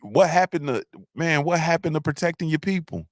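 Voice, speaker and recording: A man's voice: a little high, animated, a little fast, no echo. Rambling man on a dry close mic. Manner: rambling, repeats himself, frequent restarts, slangy. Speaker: livestream host. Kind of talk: casual livestream monologue.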